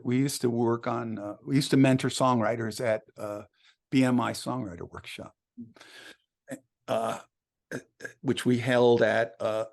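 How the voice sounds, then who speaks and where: A man's voice: medium pitch, creaky. A man, a songwriter guest in an interview, telling anecdotes casually, laughing often and acting out the dialogue he quotes.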